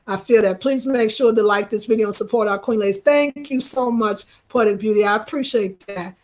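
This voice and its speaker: A woman with a New York accent, chatting casually on a live stream and reading viewer comments in an animated, expressive way. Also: mid-range voice, fairly quick. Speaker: travel vlogger.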